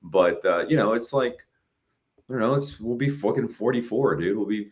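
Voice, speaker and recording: A man in his late thirties co-hosting a podcast, talking casually in animated bursts and swearing freely. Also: mid-range voice, moderate pace. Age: 30s. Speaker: podcast co-host. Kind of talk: casual chat.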